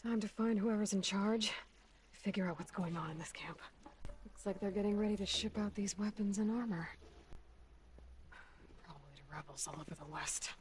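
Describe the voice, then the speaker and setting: An actress voicing a resolute young woman hunter in a video game, speaking in a low-key, terse manner. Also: normal speed, long pauses, darkish tone, natural voice. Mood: calm, focused. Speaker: game protagonist. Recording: game audio with clear background noise.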